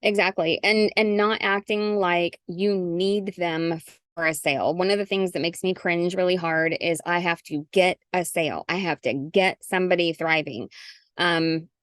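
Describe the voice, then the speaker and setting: A middle-aged woman coaching salespeople on a video call, talking in a chatty, animated way and acting out sample messages. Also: on the low side, normal speed, dry recording, clean studio sound. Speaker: guest coach. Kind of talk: casual zoom call. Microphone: video call mic.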